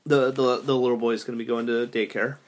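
A man's voice: mid-range voice, little pitch movement, fast, noisy background. Rambling male podcast host. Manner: rambling, many fillers and restarts. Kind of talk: casual chat.

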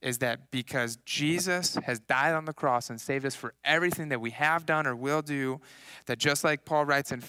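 A man in his thirties preaching a casual sermon, telling personal stories in an animated way and acting out what people said. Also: on the high side, clean tone, no room sound. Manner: casual, animated storytelling with acted-out quotes. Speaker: pastor.

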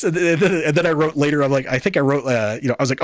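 A man's voice: a little high, lively intonation, racing, no room sound, clean studio sound. A man hosting a podcast, giving a casual, exasperated and profane review rant. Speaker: podcast host.

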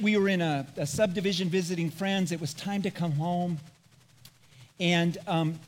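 Male pastor, middle-aged, fairly high voice, earnest, animated, storytelling sermon. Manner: animated, earnest and self-deprecating.

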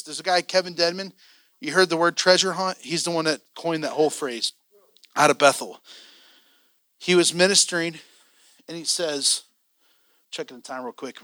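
High bright-voiced guy teaching church class, acts out his stories, dry close sound. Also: no echo. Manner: animated storyteller, voices his past self and others, jumps loud and high. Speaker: prophetic ministry teacher. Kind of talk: energetic teaching with acted-out stories.

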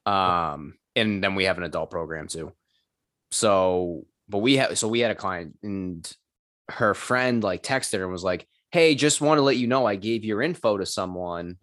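A man's voice: sits low, normal speed, a bit bright, dry recording, studio quality. A man who owns a gym, chatting casually and telling profane stories in which he acts out the people in them. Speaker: gym owner and trainer. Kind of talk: casual chat.

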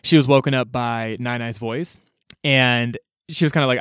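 A man's voice: mid-range voice, moderate pace, fairly bright tone, clean tone, no room sound, studio quality. A man co-hosting a casual book-discussion podcast, retelling the plot with many "like" fillers and acting out the characters' lines. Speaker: podcast co-host.

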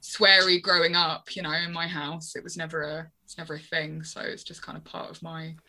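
A woman's voice: deep voice, level tone, a little fast, bright, forceful tone. A woman chatting casually as a podcast co-host, laughing often and swearing freely. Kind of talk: casual chat.

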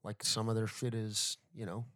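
A man's voice: fairly low pitch, flat delivery, normal speed, sharp tone, dry recording, studio quality. A man from Florida in a casual podcast chat, laid-back and swearing freely. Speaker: podcast co-host.

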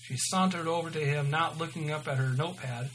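A man's voice: on the high side, a little fast, a bit bright, slight background noise, rough recording. A man casually reading his own story aloud, often stumbling and correcting himself, with an amused manner.

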